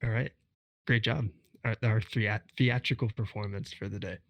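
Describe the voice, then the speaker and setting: A man co-hosts a gaming podcast in casual chat, laying out game mechanics step by step. His voice sits somewhat low, and the sound is dry and close. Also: steady tone, moderate pace, creaky, a bit bright, no echo. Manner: analytical, explains step by step. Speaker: podcast co-host.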